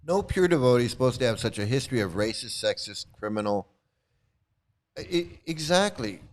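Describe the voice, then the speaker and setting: Male commentator, sarcastic and blunt, swears freely, jumps between a flat low voice and mocking high bursts. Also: quick pace. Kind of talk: critical commentary on read-out quotes.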